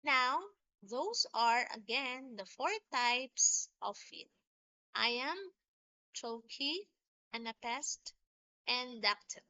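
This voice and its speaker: A female teacher gives a poetry lesson, explaining slowly and patiently and singing out rhythm examples. Her voice is fairly high, smooth and sharp in tone, captured in a dry, dull lo-fi recording.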